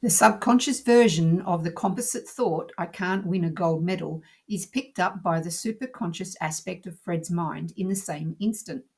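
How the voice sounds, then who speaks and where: Woman narrator for an instructional lesson: lower register, a little husky, calm and measured. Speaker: teacher. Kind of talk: scripted narration.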